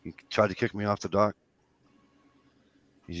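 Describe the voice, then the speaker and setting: A man's voice: deep voice, big pitch swings, moderate pace, vocal fry, long pauses, a bit bright. A man telling a story in casual chat, profane and acting out both sides of an argument. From Massachusetts. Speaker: guest in group chat.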